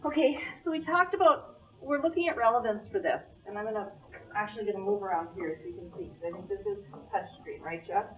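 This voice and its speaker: A woman's voice: mid-range voice, brisk, fairly bright tone. A woman presenting at a school board meeting, explaining a document on screen step by step. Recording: distant, dull meeting-room recording.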